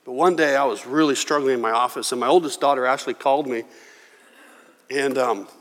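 A middle-aged man preaching a sermon as pastor, earnest and emotional, often halting and restarting his words. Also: medium pitch, steady tone, a bit bright. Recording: long reverb of a church hall.

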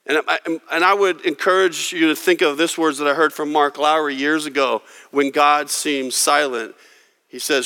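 A man preaching a sermon, dramatic and expressive, acting out quoted prayers with mounting intensity. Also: a little high, normal speed, smooth. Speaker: pastor. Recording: long hall reverb.

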